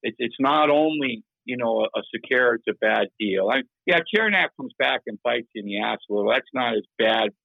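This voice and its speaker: Gravelly older guy on a muffled call-in line, halting and blunt, keeps restarting. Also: medium pitch, animated, no room sound. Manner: halting, repeats words, plain-spoken and self-critical. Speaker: interview guest, former hockey general manager. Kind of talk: candid interview over a call-in line.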